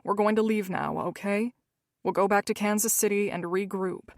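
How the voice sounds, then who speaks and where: A woman's voice: mid-range voice, fairly even intonation, moderate pace, no room sound, studio quality, natural voice. A woman voicing a protective, commanding mafia man who gives curt, bored orders.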